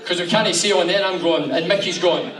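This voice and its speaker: High-voiced man telling stories. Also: a little fast. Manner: animated, swearing storyteller. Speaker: guest speaker. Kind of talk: after-dinner anecdotes. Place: function room with audience. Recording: echoey hall, far mic, crowd.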